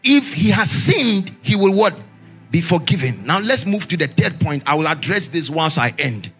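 A man preaching a sermon as pastor, raising his voice in shouted, singsong lines and asking the congregation questions for them to answer. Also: fairly high pitch, very animated, normal speed, soft background music. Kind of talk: call-and-response sermon.

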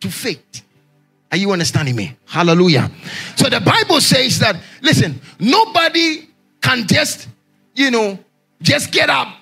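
Raspy, singsong preaching man. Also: extremely high pitch, sing-song, a little slow, faint music behind. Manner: preaching with singsong rises and shouted call-and-response questions. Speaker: pastor. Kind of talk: call-and-response sermon.

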